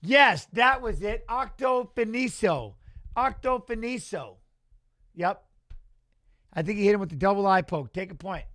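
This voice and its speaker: Excitable high-voiced man streaming fight commentary. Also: a little slow, dry recording, studio quality. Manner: excitable, rambling, talks back to chat. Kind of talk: live-stream watch-along commentary.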